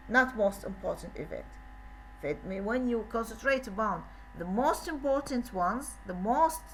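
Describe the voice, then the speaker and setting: A woman's voice: medium pitch, a bit bright, a little hiss or hum. A woman with an Iraqi Arabic accent lecturing an English class, switching between English and Arabic and repeating questions to her students. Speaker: university English teacher.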